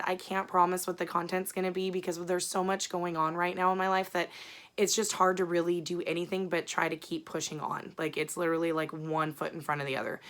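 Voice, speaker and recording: A woman's voice: lowish voice, a bit bright. A woman chatting casually to her viewers in a rambling, frank way, swearing freely. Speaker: book vlogger. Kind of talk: casual chat.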